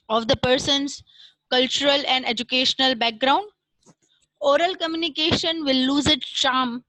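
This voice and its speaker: A woman lectures an online class in a measured, explanatory way, pausing often with fillers. Her voice sits high and bright. The recording is dry and close on a computer mic. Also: no echo, low-quality recording.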